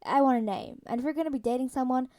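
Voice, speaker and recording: A woman's voice: sits high, fast talker, warm tone, lightly acted. Tony, a woman reading as a brash fatherly man. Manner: teasing, rambling, protective.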